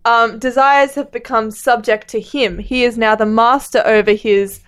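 A woman co-hosting a casual book-discussion podcast, retelling the plot hesitantly with many pauses. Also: on the high side, fairly even intonation, clear, resonant tone. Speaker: podcast co-host.

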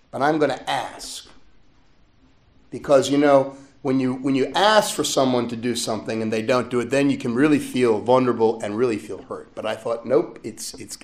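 In a church, a middle-aged priest delivers a sermon built around a personal story, speaking gently and laughing often. His voice sits at medium pitch, and the sound is roomy.

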